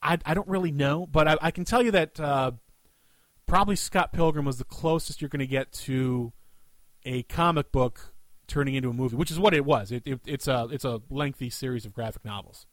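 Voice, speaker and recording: A man's voice: mid-range voice, fairly quick, dry recording. A man co-hosting a podcast in casual chat, easygoing and often repeating words as he restarts. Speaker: podcast co-host.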